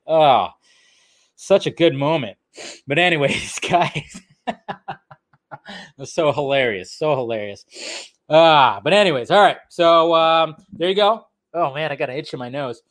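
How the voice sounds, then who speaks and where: A man's voice: fairly high pitch, expressive, takes it slowly, pauses often, fairly bright tone, no room sound, clean studio sound. A man hosting a casual livestream, rambling and laughing as he wraps up the show. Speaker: livestream host.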